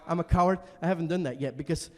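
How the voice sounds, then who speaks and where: A young man performing an emotional solo stage monologue in a small basement venue, swinging between quiet and shouting. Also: a little high, quick pace, in a large hall. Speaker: stand-up performer.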